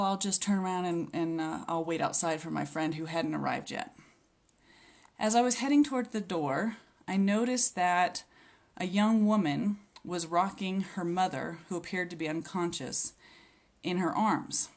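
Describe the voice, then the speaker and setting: A woman giving a personal faith testimony, earnest and reflective, with small hesitations as she tells what happened. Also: fairly low pitch. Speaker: speaker sharing a healing testimony.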